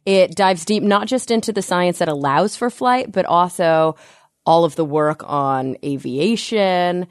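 A woman's voice: on the low side, measured pace, dry recording, clean studio sound. Chatty woman podcast co-host. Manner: chatty, animated storytelling with fillers. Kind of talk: casual science chat.

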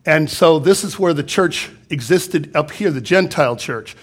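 Pastor preaching a sermon, higher-pitched man. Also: lively intonation, normal speed, slightly rough. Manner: reads scripture aloud and then explains it, with emphatic repetition. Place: church sanctuary.

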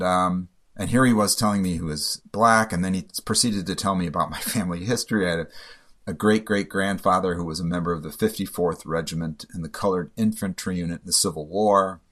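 A man telling a personal story in a halting, emotional way, often stumbling and repeating himself. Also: low voice, bright, forceful tone.

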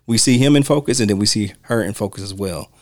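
A man's voice: on the low side, quick pace, darkish tone, no echo, clean studio sound. A man hosting a podcast, chatting casually about films in an easygoing way, often laughing and groping for names. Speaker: podcast host. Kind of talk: casual film commentary chat.

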